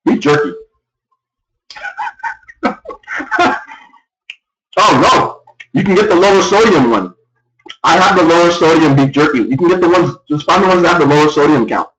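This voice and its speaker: A young man ranting loudly and in exasperation on a live gaming stream. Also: animated, quick pace. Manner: loud, exasperated ranting with big pitch swings. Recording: echoey room, far from the mic.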